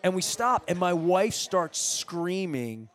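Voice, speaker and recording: Speaking at a normal speed with a fairly high, expressive voice, this middle-aged radio host chats casually during an interview held in a restaurant. He rambles through a long tale, restarting often, with slight background noise in the recording.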